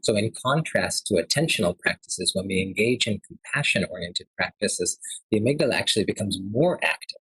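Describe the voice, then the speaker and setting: Sex: man. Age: 30s. Role: forum speaker. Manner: conversational, earnest. Sound: dry, husky. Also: lowish voice, lively intonation, fairly quick, fairly bright tone, no room sound, poor audio. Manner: earnest, conversational, with frequent fillers. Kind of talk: storytelling lecture.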